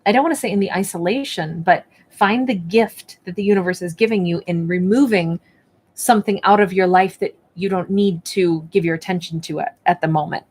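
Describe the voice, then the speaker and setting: At home at a table with her card decks, a woman gives a spoken tarot and oracle reading in a lowish, slightly mellow voice at a brisk pace. She sounds reflective and encouraging, using lots of fillers.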